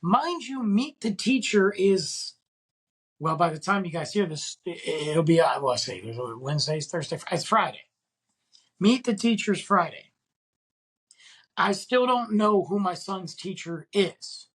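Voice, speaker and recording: A man's voice: high voice, lively intonation, unhurried, fairly bright tone, slightly rough. A man hosting a podcast, ranting in an exasperated, casual way and firing off rhetorical questions. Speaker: podcast host.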